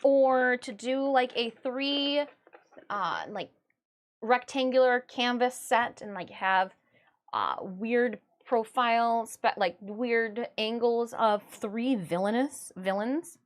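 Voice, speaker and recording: A woman's voice: on the high side, takes it slowly. A woman from Michigan chatting casually on a livestream, chatty and self-mocking, often breaking into giggles. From Michigan, USA. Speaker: livestreamer and artist.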